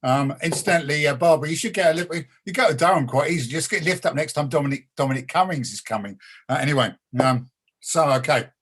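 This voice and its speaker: A man in his sixties performs a blunt, sweary comic rap in a rhythmic chant. His voice is husky and a bit raspy and sits a little high for a man. He speaks over a video call. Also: animated, fast talker, fairly bright tone. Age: 60s. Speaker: punk poet performer. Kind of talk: ranting comic rap poem and chat.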